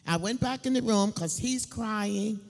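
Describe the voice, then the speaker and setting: A middle-aged woman giving a personal testimony in church, telling her story slowly and emphatically, laughing between lines. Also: medium pitch, a little mellow. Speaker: church speaker. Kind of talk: sermon testimony. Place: church building. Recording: long hall reverb.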